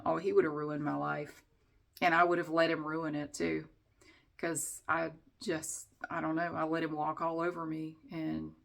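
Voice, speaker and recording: A woman's voice: low-pitched, creaky, fairly bright tone. A middle-aged woman vlogging at home, chatting casually to the camera in a rambling, candid way and swearing a little. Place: at home, indoors.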